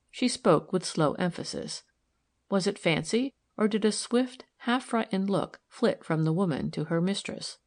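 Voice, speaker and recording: A woman narrating a novel aloud in a calm, even storytelling manner. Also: mid-range voice, measured pace. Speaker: audiobook narrator.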